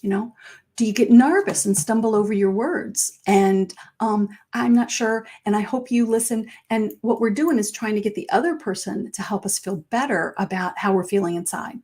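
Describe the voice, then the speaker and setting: A middle-aged woman life coach speaking to viewers in a conversational way, acting out quoted phrases with big jumps in pitch. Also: moderate pace, mellow.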